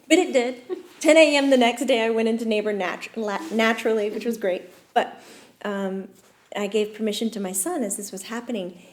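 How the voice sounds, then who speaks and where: A woman hosting a talk show, telling personal stories in a casual, lively way, often laughing and pausing with fillers. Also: a little high. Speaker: host and medium. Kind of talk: casual storytelling chat.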